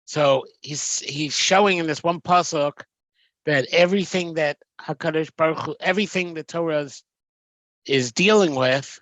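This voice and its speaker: A man's voice: fairly high pitch, normal speed, fairly bright tone, dry recording. A man teaching a text study, reading Hebrew phrases and translating them with frequent ums and restarts. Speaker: Torah teacher.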